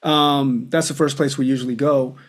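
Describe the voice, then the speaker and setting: A man coaching a caller live as a marriage coach, pushing straight at him and then reassuring him, calling him brother. His pitch sits at a middling level for a man. He speaks in a firm, direct way. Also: steady tone, moderate pace.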